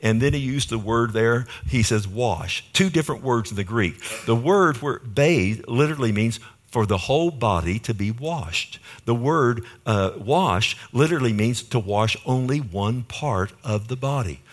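A man delivering a sermon in a loose, chatty way, checking in with his listeners through frequent rhetorical questions. His voice sits at an ordinary middle pitch. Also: lively intonation, a little slow. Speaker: pastor.

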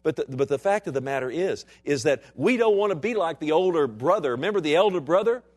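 A man preaching a sermon in a dynamic style, dropping to quiet low asides and rising to loud, slow, emphatic lines. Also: expressive. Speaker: pastor.

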